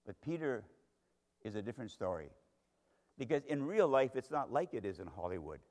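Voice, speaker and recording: A man's voice: mid-range voice, very animated, a little fast, darkish tone. Dramatic preacher man in a reverberant hall. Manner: dramatic storytelling, speaking straight to a Bible character. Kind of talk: sermon.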